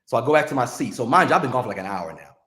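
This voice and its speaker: A man's voice: medium pitch, racing, roomy sound. A middle-aged man from the music business, chatting casually and acting out the voices in his stories. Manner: animated storyteller acting out quotes. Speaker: music industry guest telling stories. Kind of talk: casual storytelling chat.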